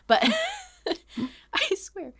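A woman co-hosting a casual podcast chat who talks candidly and goes hushed on hard memories. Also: very high voice, huge pitch swings, drawn-out words. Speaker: podcast co-host.

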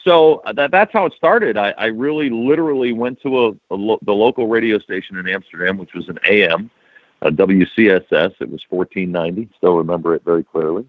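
A man in his fifties from New York, a broadcaster telling stories as a guest in a casual interview, laughing often and jumping in pitch when quoting himself. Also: brisk, no echo. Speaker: radio and wrestling broadcaster, guest. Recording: slightly dull, dry podcast audio.

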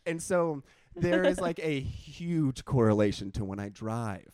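Twenties male podcast co-host, jokey, lively swingy pitch, dry close sound. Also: unhurried, dry recording. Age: 20s. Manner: jokey, animated, mock-angry outbursts. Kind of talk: casual chat.

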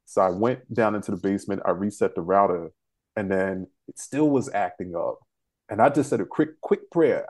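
A man's voice: on the low side, normal speed, darkish tone, breathy edge, no echo. A man hosting an interview show, chatting casually and emotionally, laughing often. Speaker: podcast host.

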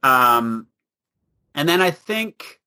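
Bright, chatty male podcast guest who is animated and laughs easily. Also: mid-range voice, extremely slow. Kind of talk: casual chat.

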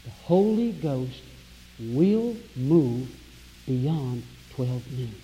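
A man preaching a sermon as pastor, emphatic and rising to loud exclamations. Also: mid-range voice, very animated, very slow, slight background noise. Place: church sanctuary. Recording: dull lo-fi recording with long hall reverb.

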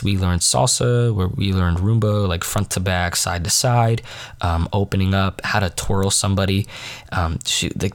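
A young man hosting his own podcast, telling a story in a rambling, self-mocking way, full of filler words and a little sniffly. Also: sits low. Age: young adult. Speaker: podcast host. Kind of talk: casual late-night storytelling monologue.

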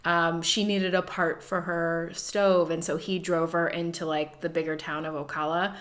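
A woman comedian co-hosting a casual chat, with a playful joking manner and a quick laugh. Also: on the low side, little pitch movement, fairly bright tone. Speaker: comedian co-host.

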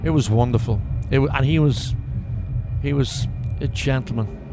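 A man's voice: medium pitch, moderate pace, noisy background. An older man, a musician guest, telling laughing stories in a casual interview. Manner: storytelling, laughs often.

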